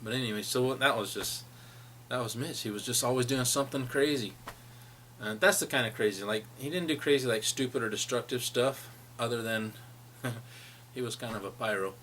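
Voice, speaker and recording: A man's voice: mid-range voice, moderate pace, fairly bright tone, slight background noise. A middle-aged man telling rambling personal stories about a friend, laughing as he reminisces. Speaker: friend sharing memories. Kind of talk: personal storytelling.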